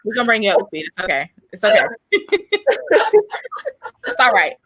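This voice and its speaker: Brief: woman host, bright and forceful tone, dry close sound, slangy donation hype. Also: medium pitch, expressive, very fast, no room sound. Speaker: livestream host. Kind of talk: casual fundraising chat.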